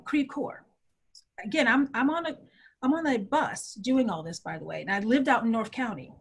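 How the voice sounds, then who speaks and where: A middle-aged woman with a husky, fairly high voice tells her story in a lively interview. She acts out the people she quotes and keeps the flow conversational. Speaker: guest.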